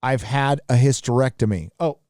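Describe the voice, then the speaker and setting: A male livestream host reading out viewer donations and messages, adding quick casual asides. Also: medium pitch, background noise. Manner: reads donor messages aloud with quick asides.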